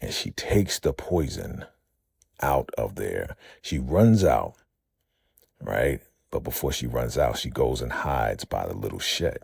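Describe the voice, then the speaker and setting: A man's voice: a bass voice, big pitch swings, takes it slowly, creaky, breathy edge, no echo, studio quality. A man hosting a casual vlog recap of a TV episode, chatty and calling his viewers fam.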